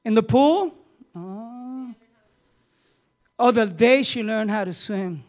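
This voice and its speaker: High-voiced man preaching a sermon. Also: slow pace. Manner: talks with the congregation, asking questions; rises to loud emphatic preaching. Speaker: pastor.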